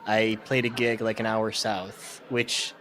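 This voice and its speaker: A man from Ohio with a flat Midwestern accent trades opinions in loose podcast chat. He talks bluntly, swears casually and hedges with fillers. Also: fairly low pitch, slow pace, a little hiss or hum.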